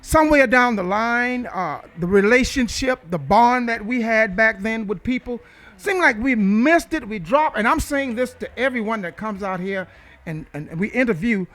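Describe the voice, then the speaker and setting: A man's voice: extremely high pitch, a bit bright. A man hosting a community TV show, interviewing classmates in a folksy, rambling way. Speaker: host. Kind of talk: casual interview.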